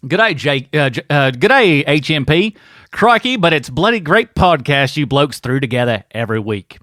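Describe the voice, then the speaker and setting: A man's voice: a little high, big pitch swings, normal speed, fairly bright tone, dry recording, studio quality. A man reading a fan letter in an exaggerated put-on Australian accent, playing a cheerful, slangy Aussie bloke. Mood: cheery, slangy.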